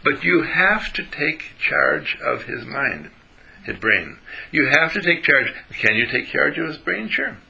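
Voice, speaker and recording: A man's voice: a little high, very animated, measured pace, gravelly, pushed and bright, poor audio. A man giving a motivational spiritual lecture, emphatic, repeating phrases and asking his listeners questions.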